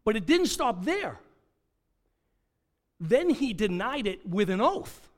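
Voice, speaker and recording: A man's voice: high voice, sing-song, takes it slowly. A man preaching a sermon, dramatic, asking rhetorical questions and acting out quoted dialogue. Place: church sanctuary. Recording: long hall reverb.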